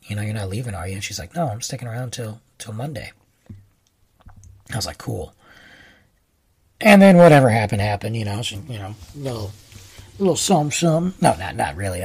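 A man hosting his own show, telling a rambling personal story in a casual, animated way that jumps high for excited reactions. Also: breathy edge. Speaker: podcast host.

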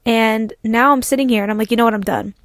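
A young woman with a somewhat high voice tells a story in a dry, close sound. She vents with animated exasperation as a podcast host and acts out her own replies. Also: fast, no room sound. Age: young adult. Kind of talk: casual storytelling monologue.

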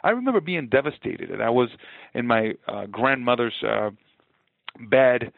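A man in his forties, a former ballplayer, telling his story in an interview with earnest, animated energy and frequent repeated phrases. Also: mid-range voice, normal speed, vocal fry, no room sound. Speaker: podcast guest, former baseball player. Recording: dry, narrow phone-like sound.

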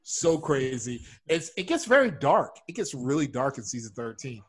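A man's voice: mid-range voice, very animated, moderate pace, a bit bright. A man playing an eager coworker in a comedy sketch, gushing about a show.

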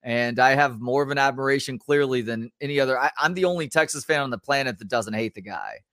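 A man's voice: mid-range voice, quick pace, a bit bright, no room sound, clean studio sound. A man hosting a sports podcast, making earnest, reasoned points in casual chat. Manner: earnest, reasoned, laughs easily. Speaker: podcast host.

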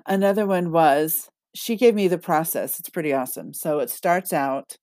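A woman hosting a casual solo podcast about self-talk, chatty and quick to laugh as she reads out listener comments. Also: low-pitched, mellow, no echo. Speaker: podcast host and manifesting coach.

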